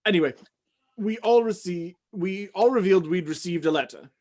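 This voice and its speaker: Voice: medium pitch, normal speed, darkish tone, close to an everyday voice. A reader voicing a frantic male butler in a live script reading, racing through the recap with sudden yelps.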